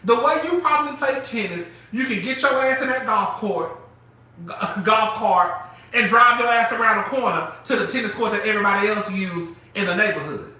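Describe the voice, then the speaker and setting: A host with a very high, sharply bright voice runs a live chat show, offering casual commentary that's animated, profane and full of laughter. He speaks at a moderate pace, sitting a little back from a distant mic, his voice ringing in a very echoey room.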